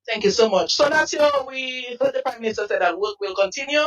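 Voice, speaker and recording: A woman reporter with a fairly high voice poses short questions and thanks her viewers. She sounds a little off the microphone. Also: brisk, dull audio. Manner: brief prompting questions. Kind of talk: street interview. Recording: voice from some distance off the mic.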